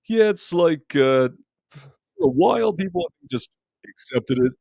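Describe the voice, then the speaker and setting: A man with a deep voice hosting a live movie chat stream, talking casually and rambling with lots of fillers as he reads viewer comments. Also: unhurried, gravelly, dry recording, rough recording. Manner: relaxed, rambling, many fillers and restarts. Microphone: streaming mic.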